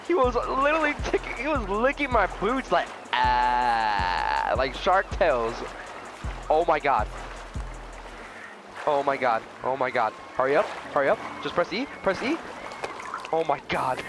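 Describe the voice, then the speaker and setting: A young man hosting a gaming video delivers profane, jumpy let's-play commentary over background music, shrieking at scares and muttering between them. His mid-range voice swings widely in pitch and moves a little slowly.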